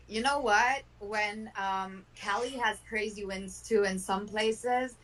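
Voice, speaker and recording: A woman chatting casually, easygoing and quick to laugh. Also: medium pitch, fairly even intonation, fairly bright tone, recorded from a distance, rough recording. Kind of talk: casual chat.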